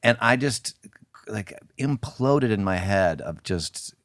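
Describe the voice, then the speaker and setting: Man, middle-aged, comedian guest, low voice, very expressive pitch, self-deprecating storytelling, dry close sound. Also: slow, no echo. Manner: lively storyteller, self-deprecating, acts out quotes. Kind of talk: animated anecdote telling.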